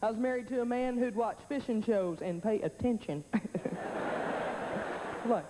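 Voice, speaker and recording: A woman's voice: a little high, lively intonation, slow pace, long pauses, long reverb tail, background noise. A woman with a Southern US accent doing self-mocking stand-up comedy. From Southern United States.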